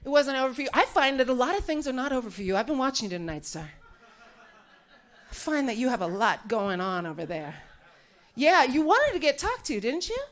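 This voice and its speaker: A woman's voice: sits high, sing-song, brisk, fairly bright tone. A woman comedian doing live stand-up on a club stage, brash and profane, teasing the crowd.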